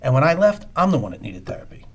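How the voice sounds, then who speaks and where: An actor playing a world-weary police detective who tells rambling, sardonic street stories. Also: male voice, mid-range voice, very animated, fast, slightly rough. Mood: storytelling. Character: wisecracking world-weary male NYC cop. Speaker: police detective under evaluation. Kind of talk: film dialogue, storytelling monologue.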